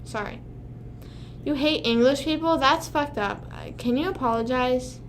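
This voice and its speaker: A woman's voice: high voice, unhurried, slight background noise. A young woman hosting a casual livestream, rambling to her chat and swearing often. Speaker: livestream host.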